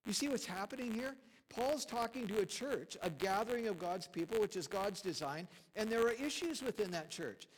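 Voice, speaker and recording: A man's voice: high voice, lively intonation, moderate pace, few pauses, poor audio. A man preaching a sermon in a church, talking in a conversational, folksy way with chuckles and emphatic repetition. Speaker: pastor. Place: church sanctuary.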